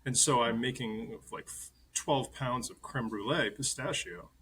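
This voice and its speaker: A man in his fifties, a chef interviewed as a guest, telling animated stories and chuckling as he goes. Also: medium pitch, unhurried, slight background noise, rough recording. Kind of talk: conversational interview storytelling.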